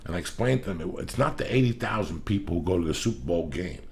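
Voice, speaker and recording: Podcast host, male, gravelly, swears constantly in loud comic tirades. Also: deep voice, lively intonation, quick pace, slight background noise. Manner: loud, profane, ranting. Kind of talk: profane comedic rant.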